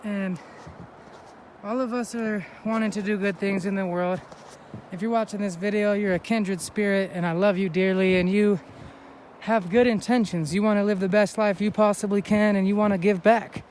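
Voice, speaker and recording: A man's voice: high voice, steady tone, moderate pace, darkish tone, a little hiss or hum. Upbeat man vlogging on a mountain hike. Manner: upbeat, heartfelt, spiritual. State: a little out of breath. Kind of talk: inspirational vlog talk. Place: outdoors on a snowy mountain.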